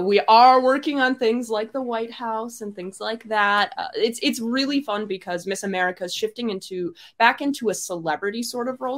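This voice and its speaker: A young woman from Wisconsin, a pageant winner being interviewed, chatting in a bubbly way and laughing often. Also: medium pitch. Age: young adult. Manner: bubbly, laughs often, speaks in quick upbeat bursts. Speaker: guest, reigning Miss America. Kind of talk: casual interview chat.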